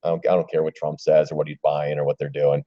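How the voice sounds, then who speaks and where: A man's voice: very deep voice, completely flat delivery, fast, dark tone, lo-fi sound. Laid-back man talking stock charts. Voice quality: rambling, chuckling, talks to viewers by name. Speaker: stock trading live stream host. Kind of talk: casual live chart commentary.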